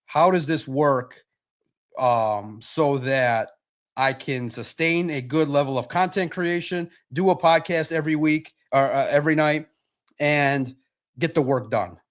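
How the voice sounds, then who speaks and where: A man's voice: a little high, a little slow. Rambling man hosting a sports stream. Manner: rambling, repeats himself, thinks out loud. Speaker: sports podcast host reading chat questions. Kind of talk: casual livestream chat.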